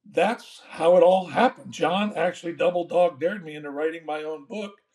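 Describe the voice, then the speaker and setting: A man's voice: fairly high pitch, moderate pace. Folksy older man telling a story. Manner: folksy, animated storyteller acting out dialogue. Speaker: guest, former baseball manager. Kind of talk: storytelling interview.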